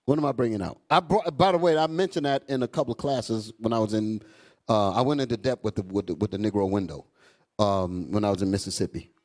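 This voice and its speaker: A man preaching a fiery, profane sermon to his congregation, calling out to them as he goes. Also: fast. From United States. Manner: loud, animated, swings high and low, profane, asks crowd "y'all all right?".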